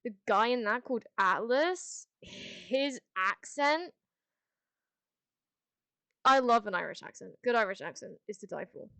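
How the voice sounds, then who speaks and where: A woman's voice: fairly high pitch, a bit bright, no room sound. Chatty woman streamer on a headset. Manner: rambling and candid, with frequent restarts and casual swearing. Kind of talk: casual livestream chat, answering chat.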